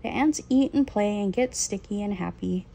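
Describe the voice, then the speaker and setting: A woman's voice: medium pitch, normal speed, vocal fry, warm tone. Woman reading as a messy cheerful young rat.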